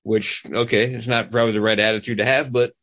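A man's voice: medium pitch, level tone, fast talker, a bit bright. A man, a retired police officer guest, blunt, profane and self-deprecating in casual chat.

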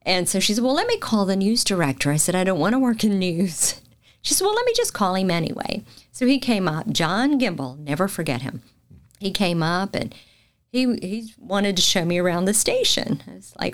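Telling her career story as a guest in a casual interview, a middle-aged news anchor from Macon, Georgia, acts out the lines she quotes. Her Southern-accented voice sits at medium pitch, very animated and fairly quick.

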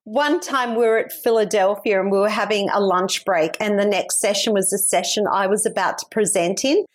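A woman's voice: medium pitch, moderate pace. A woman from Australia with an Australian accent, hosting an interview and telling stories in a chatty way, laughing often. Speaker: podcast host. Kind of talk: casual interview chat.

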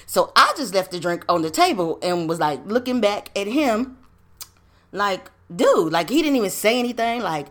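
A woman podcast host tells a true story from her life in an easy, street-smart way. Her talk is salty and full of asides and rhetorical questions. Her pitch rises and falls constantly as she talks. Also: moderate pace. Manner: animated, slangy and profane, rhetorical questions. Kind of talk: casual personal storytelling.

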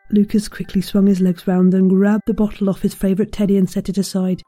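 A woman reading a children's bedtime story aloud, with gentle, chatty asides to the listener. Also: medium pitch, level tone, fast talker, hardly any pauses, soft background music.

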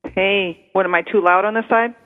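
A woman's voice: mid-range voice, steady tone, moderate pace. A woman calling in to a radio show as a guest, chatty and agreeable with lots of fillers. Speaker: call-in guest. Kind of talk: casual chat over the phone. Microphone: telephone. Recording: tinny phone line.

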